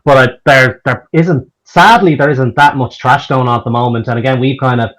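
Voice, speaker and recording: A man's voice: mid-range voice, steady tone, brisk, fairly bright tone, low-quality recording. An Irish man, a band member, chatting casually in an interview, rambling with lots of restarts and fillers. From Ireland.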